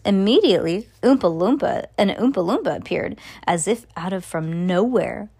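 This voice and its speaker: A woman's voice: medium pitch, lively intonation, normal speed, few pauses, a little mellow, slightly rough. Woman reading a storybook aloud. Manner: casual, with slips and restarts. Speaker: reader to a child.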